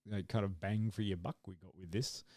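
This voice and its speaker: A man's voice: deep voice, fairly even intonation, fairly quick, mellow, no echo, clean studio sound. A man co-hosting a podcast in casual chat, rambling and acting out his own reactions. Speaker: podcast co-host.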